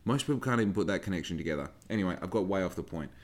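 A man's voice: sits low, animated, very fast. A young man hosting a podcast, talking in a casual, rambling way and swearing freely as he tells a story. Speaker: podcast host and small business owner.

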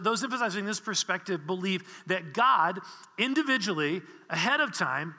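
Male preacher, earnest and explanatory, sharp high voice, big reverberant church. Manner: earnest, explanatory teaching with frequent restarts. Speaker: pastor. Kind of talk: sermon.

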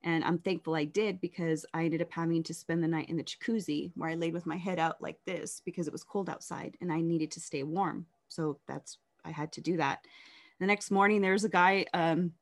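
Woman, lowish pitch, reflective, halting, candid personal storytelling. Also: steady tone. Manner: candid, reflective, halting with restarts and nervous laughs. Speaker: guest telling her life story.

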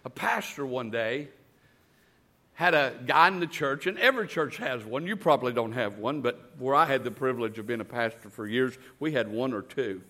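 Animated storytelling preacher man. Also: mid-range voice, normal speed. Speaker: guest preacher. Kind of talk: sermon with stories.

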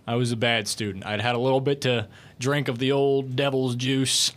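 A young man co-hosting a casual podcast, telling a funny story with a joking, animated manner. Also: mid-range voice, moderate pace. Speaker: podcast co-host.

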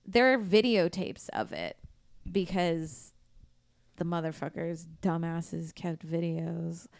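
A woman hosts a true crime podcast, walking through a case at an unhurried pace. Her voice sits fairly low and is very clean and smooth. She talks bluntly and swears freely, and the recording is close and dry with no room sound. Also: no echo. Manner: blunt, profane, conversational retelling. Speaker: podcast host. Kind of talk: casual true crime storytelling.

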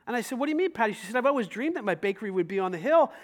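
A man preaching a sermon as pastor, telling stories with lively acted-out dialogue and rising to loud emphasis. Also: high-pitched, very fast. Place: church sanctuary.

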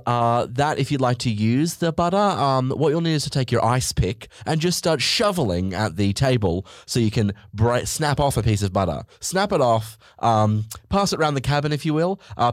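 A man's voice: medium pitch, sing-song, normal speed, hardly any pauses, no room sound, studio quality. A man hosting a podcast, telling a comedic story in a sweary, mock-outraged way.

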